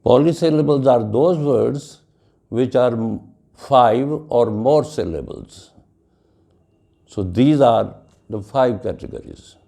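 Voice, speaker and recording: A man teaching a lecture on pronunciation, speaking slowly and deliberately and spelling words out letter by letter. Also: medium pitch, creaky, warm tone. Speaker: English teacher. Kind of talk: classroom lecture.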